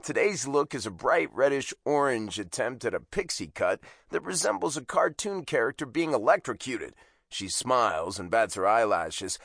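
A man narrating a first-person audiobook in a wry, expressive way, on a close studio mic. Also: medium pitch, normal speed, gravelly, no room sound.

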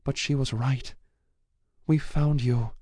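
A man's voice: mid-range voice, steady tone, slow pace, mellow, no room sound, clean studio sound, voice pushed up. A man voicing an emotional young woman in an audiobook, her words choked and watery as she holds back sobs. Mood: tearful. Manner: tearful, choked, breaking with held-back sobs. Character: young woman, emotional, fierce, loyal friend. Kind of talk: audiobook character voice.

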